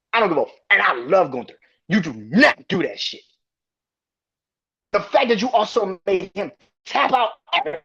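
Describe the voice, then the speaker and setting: A man hosts his own podcast and rants, exasperated and profane, circling back over the same points. His voice is husky, and his pitch leaps up and down. The recording sounds dull and lo-fi. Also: fairly bright tone. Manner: profane, exasperated, repeats himself. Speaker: podcast host. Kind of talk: heated wrestling rant.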